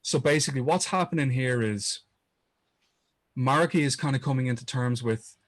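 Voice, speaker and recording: A man's voice: mid-range voice, normal speed, dry recording. A man co-hosting a podcast, earnestly retelling a story in casual chat, often restarting his sentences. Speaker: podcast co-host.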